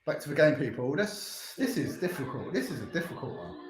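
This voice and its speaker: A man's voice: medium pitch, sing-song, brisk. Young london guy rambling thru chat comments on a stream, voice bouncing up and down, echoey room. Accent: London English. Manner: rambling, repeats words, laughs often. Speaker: charity livestream host. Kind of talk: casual livestream chat reading comments.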